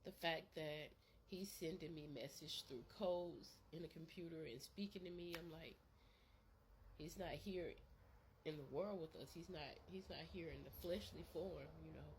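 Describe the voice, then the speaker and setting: A grieving woman talks in a personal vlog, halting and repeating herself, her voice tearful. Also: low voice, slight background noise. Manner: halting, repeats words, many fillers. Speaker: vlogger.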